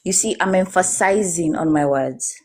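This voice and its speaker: Kenyan woman coaching on calm speech. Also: fairly low pitch, slightly rough. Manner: coaching, demonstrates calm versus rushed speaking. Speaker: guest. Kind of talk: casual live-stream interview. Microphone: phone or video call.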